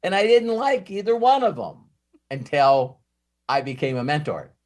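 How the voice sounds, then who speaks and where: Animated man coaching with acted-out dialogue. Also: on the high side, normal speed. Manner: animated storyteller, acts out quoted dialogue. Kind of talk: live mastermind coaching talk.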